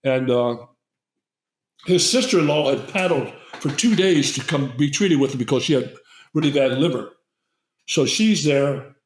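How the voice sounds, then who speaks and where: An older man appearing as a guest herbalist tells a long story in conversation, full of fillers and restarts. His voice is medium-pitched at normal speed, and the recording has a roomy echo.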